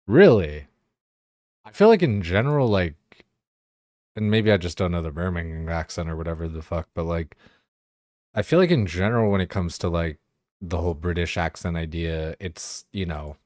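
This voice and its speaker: A young man rambling through a casual stream chat, dropping curse words and fillers constantly. His voice is deep and low, recorded close and dry. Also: fairly quick, a little mellow, dry recording. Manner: rambling, profane, full of fillers like "like" and "you know".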